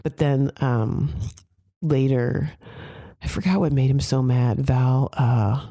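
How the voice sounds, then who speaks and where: Middle-aged woman podcast host, chatty and meandering, gravelly low-key voice, dry close sound. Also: steady tone, slow, mellow, no echo. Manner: chatty, meandering, self-correcting. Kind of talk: casual rambling monologue.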